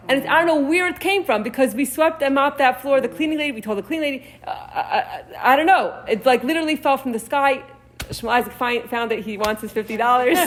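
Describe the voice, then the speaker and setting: A middle-aged woman leading a Torah discussion class, talking casually and halting with many restarts. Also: fairly high pitch.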